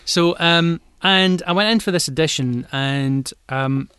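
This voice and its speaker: A man's voice: fairly high pitch, measured pace, sharp tone, clear, resonant tone, no echo. A man with a Scottish accent, an actor co-hosting a podcast, telling stories in an easygoing, reflective way. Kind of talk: casual chat.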